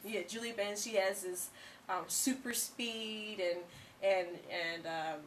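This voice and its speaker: A young woman co-hosting a casual TV review chat, gushing and excitable, full of "like" and "you know". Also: mid-range voice, slow, far from the mic, a little hiss or hum, rough recording. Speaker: co-host of a TV review show.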